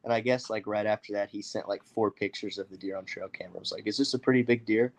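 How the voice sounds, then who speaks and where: Young man telling an excited story. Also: lowish voice, fast talker. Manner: animated, acts out others' voices, many fillers. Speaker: guest storyteller. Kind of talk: casual storytelling.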